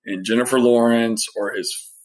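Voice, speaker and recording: A man's voice: medium pitch, fairly even intonation, normal speed. Blunt, casual man on a podcast. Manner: blunt, casual, swears freely. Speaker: podcast co-host. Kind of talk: casual chat.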